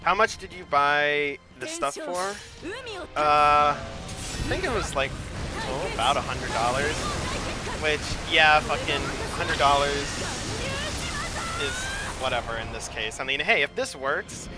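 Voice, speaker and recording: A man's voice: fairly high pitch, lively intonation, measured pace. A young man rambling casually on his gaming stream, chatty and loose, with swearing. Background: game music playing.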